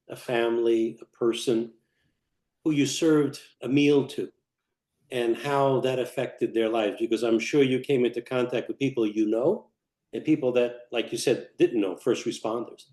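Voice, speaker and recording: A man interviewing a guest, asking gentle, reflective questions with religious phrasing. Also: medium pitch, unhurried. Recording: roomy echo.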